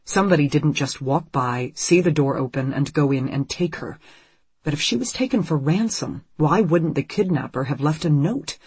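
A woman reading an audiobook, voicing a worried young father who speaks urgently and forcefully. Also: deep voice, animated, moderate pace, slightly rough, exaggerated voice.

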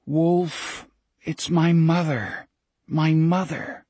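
A man's voice: on the high side, fairly even intonation, drawn-out words, a little mellow, breathy edge, dry recording, full character voice. A man voicing a desperate teenage boy who pleads in an anguished, raised voice. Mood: pleading.

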